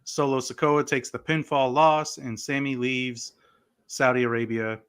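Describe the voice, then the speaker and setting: A man co-hosting a casual podcast, talking in an animated way with lots of "like" and "you know". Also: mid-range voice, a little slow, smooth. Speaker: podcast co-host. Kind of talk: casual wrestling podcast chat.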